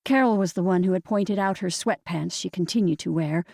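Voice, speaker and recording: A woman narrating a novel as an audiobook reader, in a gentle, measured storytelling manner. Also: lowish voice, vocal fry, no echo, studio quality. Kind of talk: scripted narration.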